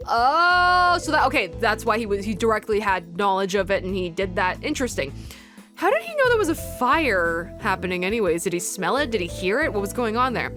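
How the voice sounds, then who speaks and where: A woman's voice: mid-range voice, big pitch swings, a little fast. A woman hosting a let's play, talking casually and playfully, giggling as she reacts to the game. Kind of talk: casual gameplay commentary. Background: game music.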